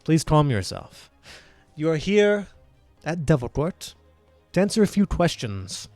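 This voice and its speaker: Man playing stern court interrogator, formal and measured. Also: on the high side, sing-song, a little mellow, no room sound, soft background music.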